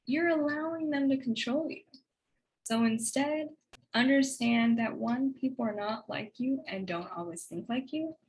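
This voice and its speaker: A woman giving a heartfelt spoken tribute in a conversational, reflective way, with a faith-based tone and soft laughs. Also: fairly high pitch, slight background noise, rough recording.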